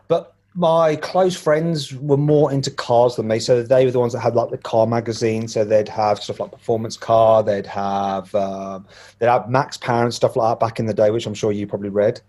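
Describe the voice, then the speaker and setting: A man's voice: mid-range voice, warm tone. A man from Walsall with a Black Country accent, a motoring journalist chatting as a podcast guest, joking about himself and laughing often as he rambles. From England, Walsall. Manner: jokey, self-deprecating, laughs often, rambling. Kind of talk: casual interview chat.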